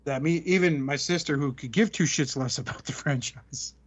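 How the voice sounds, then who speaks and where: A man's voice: mid-range voice, normal speed, husky, no echo. A man co-hosting a podcast in casual chat, ranting heatedly and swearing a lot. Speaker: podcast co-host. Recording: dull, slightly lo-fi podcast mic.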